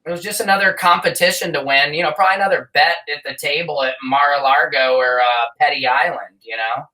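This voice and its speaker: A man hosting a podcast, laid-back and quick to laugh in casual chat. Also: on the high side, pushed and bright, far from the mic, low-quality recording. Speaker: podcast host.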